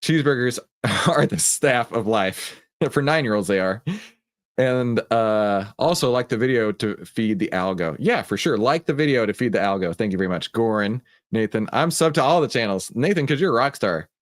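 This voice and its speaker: A man's voice: medium pitch, expressive, normal speed. A man with a Texan accent hosting a live stream, chatting casually and joking as he greets viewers by name. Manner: laid-back, jokey, greeting chat viewers by name. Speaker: livestream host.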